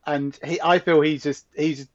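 A man with a gravelly voice discussing a film on a podcast, thoughtful and hesitant with frequent restarts. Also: on the high side, fairly even intonation, a little slow, highs cut off. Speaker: podcast co-host.

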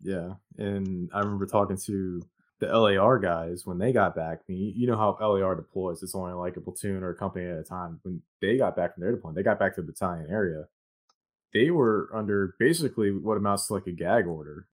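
A man with a low, deep voice hosts the conversation and asks about a guest's service. He talks in a loose, friendly way and fills his sentences with "like". The tone stays informal throughout. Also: fairly quick. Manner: relaxed, conversational, leans on "like". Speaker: interviewer. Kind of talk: casual interview questions.

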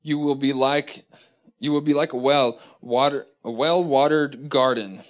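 A man leads a church lesson in a voice of ordinary pitch for a man. He speaks haltingly, stopping and restarting often, then slows into a careful, deliberate reading of scripture. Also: steady tone. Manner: halting, many fillers and restarts. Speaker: church teacher.

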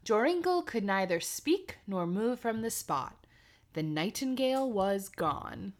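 A woman's voice: medium pitch, big pitch swings, measured pace. A woman co-hosting a podcast who reads a fairy tale aloud and breaks off for dry, joking asides. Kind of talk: casual reading with banter.

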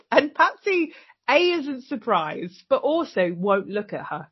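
A woman co-hosting a casual recap podcast, animated and swearing freely as she acts out characters' lines. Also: fairly high pitch, unhurried, slightly rough. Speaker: podcast co-host. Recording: dull lo-fi sound.

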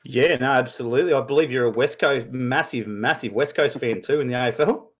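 An Australian man in his thirties hosts a casual sports chat show with a middle-pitched voice. He rambles freely, leaning on fillers and the occasional mild curse word. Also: brisk. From Newcastle, Australia. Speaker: podcast host.

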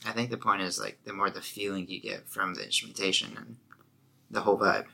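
A man's voice: fairly low pitch, fairly even intonation, brisk, creaky, bright, forceful tone, a little hiss or hum. A man co-hosting a casual album review podcast, laid-back and filling his talk with "like". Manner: laid-back, heavy use of "like". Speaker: podcast co-host.

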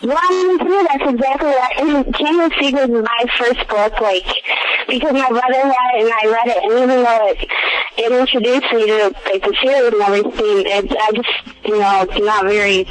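A woman from Detroit calling in to a podcast, gushing and excited. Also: a little high, moderate pace, slight background noise, rough recording. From Detroit, Michigan. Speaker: caller.

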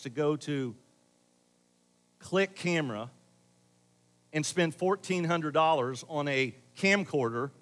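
A middle-aged pastor preaching a sermon, talking to the congregation in a conversational way, swinging between loud emphasis and quiet asides. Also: male voice, a little high.

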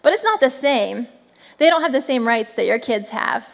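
Woman, 30s, high voice, animated family sermon with crowd call-outs. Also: moderate pace, creaky. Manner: animated, frequent "come on" calls to the crowd. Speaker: children's ministry speaker.

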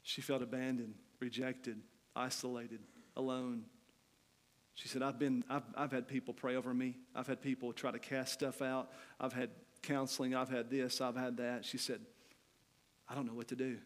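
A middle-aged male preacher gives a sermon in a church hall, where his voice rings out with a long, lingering reverb. His pitch sits in an ordinary middle range. He tells a frank personal story, climbing to loud, animated stretches and then dropping to hushed, quiet ones. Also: normal speed.

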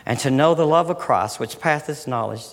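A man's voice: on the high side, moderate pace. Impassioned preacher man in a reverberant hall. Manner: impassioned, rising and falling between loud emphasis and soft near-whispers. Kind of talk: sermon.

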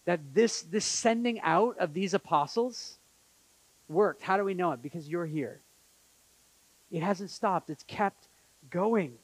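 Pastor guy preaching, lively and chatty, kinda high voice, dry sound. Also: measured pace, pauses often, dry recording, rough recording. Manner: animated, conversational preaching with acted-out quotes. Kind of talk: sermon. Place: church in Montreal.

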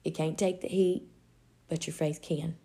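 A woman's voice: low-pitched, flat delivery, unhurried, mellow. A woman giving an earnest, heartfelt faith-based encouragement talk. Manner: earnest, heartfelt, with some restarts. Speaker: devotional speaker.

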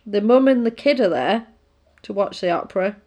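A woman's voice: mid-range voice, expressive, normal speed, mellow. Woman, casual film recap, conversational and rambling. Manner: rambling, retelling with fillers and asides.

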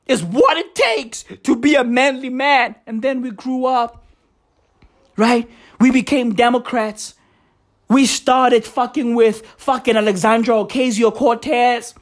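Lively ranting comedian, man. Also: very high voice. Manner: swinging between mock outrage, shouting and muttering. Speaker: comedy podcast host. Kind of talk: profane comedic rant.

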